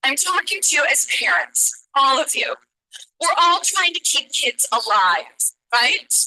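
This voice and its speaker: A woman speaking into a meeting microphone in a high, very bright voice. She delivers impassioned public testimony as a parent and presses the board with pointed questions. The sound is dry and close. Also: expressive, measured pace, no room sound, poor audio. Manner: urgent, confrontational, pointed questions. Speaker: parent giving public comment.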